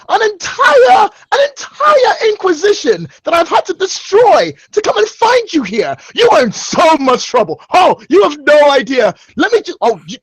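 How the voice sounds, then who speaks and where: An exasperated old father, put on by a player scolds at full volume, his high voice cracking with emotion. The sound is close and dry. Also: no room sound, heavily acted, low-quality recording.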